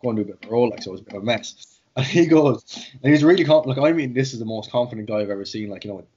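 Irish guy, a jiu-jitsu coach, rattling off rambling stories, husky voice, dull lo-fi sound. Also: medium pitch, very fast, a little mellow. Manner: rambling, sweary, filled with "like". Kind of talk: casual podcast storytelling. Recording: dull lo-fi audio.

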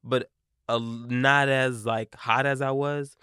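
Young guy ranting a story on a podcast, swears a lot, bright voice, dry close mic. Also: mid-range voice, slow, smooth, dry recording. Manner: animated, profane, replays his own quotes. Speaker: podcast co-host. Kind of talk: casual storytelling chat.

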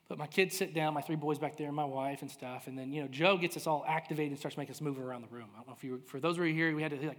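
A man in his thirties, a pastor telling a personal story in a sermon, animated and self-deprecating. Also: medium pitch, rapid-fire, hardly any pauses. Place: large church hall. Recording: reverberant hall.

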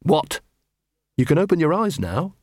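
A man doing a brisk young werewolf woman. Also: a little high, sing-song, a little mellow, no room sound, clean studio sound, voice pushed up.

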